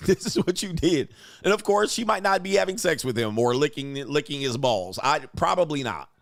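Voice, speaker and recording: A man's voice: a little high, sing-song, a little fast, vocal fry, a bit bright, no echo, clean studio sound. A man hosting a livestream, giving crude, combative commentary, berating his chat and laughing often. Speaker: livestream show host and dating coach.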